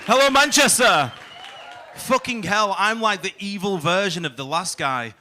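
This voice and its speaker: A man's voice: high-pitched, animated, measured pace, background noise. A young man doing a crude, self-mocking stand-up set in a comedy club, teasing the crowd. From England.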